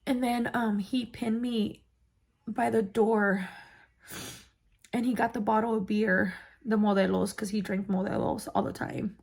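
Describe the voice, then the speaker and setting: Vlogger lady telling her life story straight, kinda gravelly and husky, lots of ums, swears freely. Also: medium pitch, little pitch movement, measured pace, a little mellow. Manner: candid, swearing, many fillers. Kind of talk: personal storytelling.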